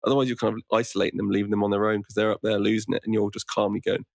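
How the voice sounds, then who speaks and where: A man's voice: on the low side, little pitch movement, rapid-fire, vocal fry, no echo, clean studio sound. A man who teaches meditation, a podcast guest talking in an easygoing, rambling way. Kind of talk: casual conversation.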